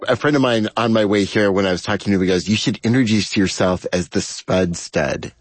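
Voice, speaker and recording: A man, a library director, speaking as a friendly, measured interview guest. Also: lowish voice, soft background music. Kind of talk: interview conversation.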